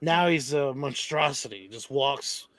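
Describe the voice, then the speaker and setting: Enthusiastic rambling podcast host, dry sound. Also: male voice, medium pitch, unhurried, fairly bright tone, dry recording. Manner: enthusiastic, rambling, laughs often. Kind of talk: casual podcast chat.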